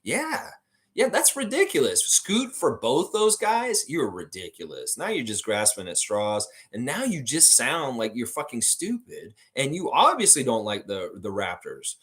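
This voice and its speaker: A man's voice: medium pitch, a little slow. A man from Canada, hosting a fan livestream, chatting casually and bluntly with heavy swearing while reading viewer comments. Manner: animated, blunt and profane. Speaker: host of a basketball fan livestream. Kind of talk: casual live-stream chat reading comments.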